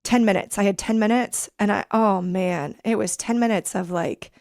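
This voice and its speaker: A woman in her thirties, a podcast guest telling a personal story in an earnest, reflective, halting way. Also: medium pitch, darkish tone, no echo, clean studio sound. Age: 30s.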